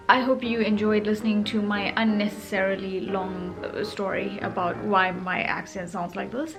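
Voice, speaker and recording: A woman in her thirties from South Africa, speaking South African Indian English with a British tinge, chatting expressively and teasingly to camera in a casual vlog. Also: mid-range voice. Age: 30s. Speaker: vlogger.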